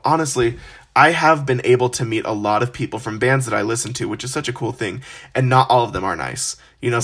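Young male podcast host, casual storyteller, animated and self-deprecating. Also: mid-range voice. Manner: animated, self-deprecating, acts out quoted voices.

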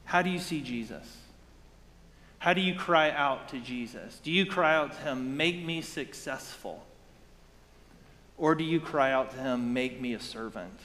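A male pastor preaches in a relaxed, conversational way and keeps turning questions back to his listeners. His voice sits at an ordinary middle pitch. It rings out in a large church hall with a long echo, and a faint hiss sits underneath. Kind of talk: sermon.

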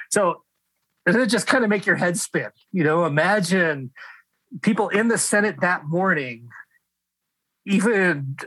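A man's voice: on the high side, sharp tone, dry recording, poor audio. A middle-aged man hosting a casual podcast discussion, chatty and laughing often. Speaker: podcast host.

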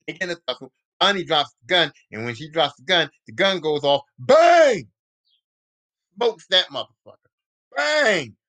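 A man's voice: on the high side, bright, forceful tone. Profane, rambling male podcaster. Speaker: podcast host. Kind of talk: casual show recap.

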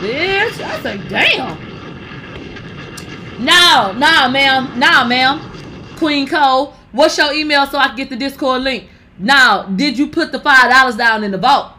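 A woman's voice: sits high, expressive, a little slow, bright, forceful tone, slight background noise. A young woman giving brash, profane gossip commentary, talking straight to her viewers. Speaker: commentary vlogger.

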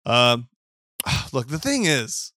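Young dude podcast cohost, chill rambly film talk, lots of laughing, super dry close sound. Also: male voice, medium pitch, very animated, drawn-out words, bright, forceful tone, dry recording. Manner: laid-back, rambling, laughs often, swears casually. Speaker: podcast co-host. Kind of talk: casual film chat.

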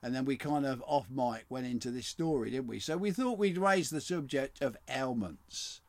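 A man's voice: medium pitch, lively intonation, normal speed, no room sound. A man co-hosting a podcast, telling a rambling story in casual chat with frequent restarts. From England. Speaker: podcast co-host.

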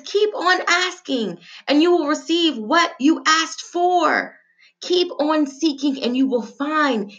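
A woman giving a prayer and a sermon-style talk, chatty and animated, with slang and asides. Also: high-pitched. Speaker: devotional speaker. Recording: dull lo-fi sound with faint music.

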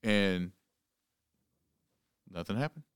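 A man hosting a casual chat, telling an animated story and acting out the voices. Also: lowish voice, slow pace, clear, resonant tone, dry recording, studio quality. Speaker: podcast host.

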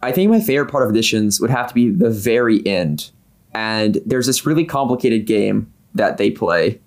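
A man on a casual podcast, an improv performer, telling stories in a relaxed way with lots of ums. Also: lowish voice, normal speed. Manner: relaxed storytelling with many fillers.

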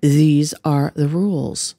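A woman voicing an impassive female werewolf guard who speaks low and clipped. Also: steady tone, slow pace, warm tone, heavily acted. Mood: cold. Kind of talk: audiobook character voice.

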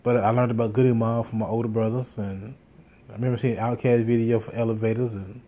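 A man's voice: medium pitch, flat delivery, quick pace, dark tone. A man telling a casual, rambling story, swearing often and full of fillers and restarts. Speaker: podcast host.

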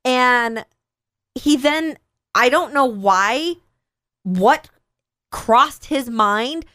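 A woman's voice: high voice, very slow, no room sound, studio quality. A woman in her thirties telling a funny family story in casual chat, acting out the voices as she goes. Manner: animated, acts out a child's and others' voices in her stories.

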